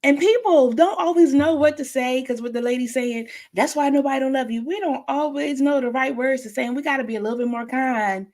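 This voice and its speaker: A woman with a high voice hosts a talk show. She responds to her guest in an affirming, encouraging tone, drawing lessons about kindness and grace from what the guest shared. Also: a little fast, few pauses. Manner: warm, encouraging, sings a snatch of a hymn. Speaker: host.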